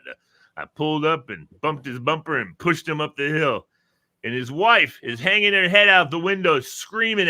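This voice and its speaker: A man hosting a casual chat, telling jokes with lots of laughter. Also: fairly high pitch. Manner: animated joke-telling, laughs at his own punchlines. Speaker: host.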